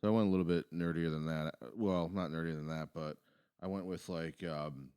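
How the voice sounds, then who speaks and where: A male podcast co-host with a very low voice, talking in halting starts and repeats and slipping in dry jokes. The sound is close and dry, with no room around it. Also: steady tone, mellow, smooth, no echo. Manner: hesitant, repeats words, dry humor. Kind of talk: casual podcast chat.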